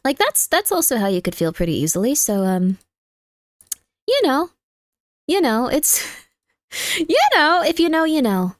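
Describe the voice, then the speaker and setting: A woman's voice: sits high, very animated, unhurried, long pauses, no room sound. A young adult woman streamer in casual chat, joking around and thanking her viewers. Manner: chatty and jokey, thanks viewers by name. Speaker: livestreamer.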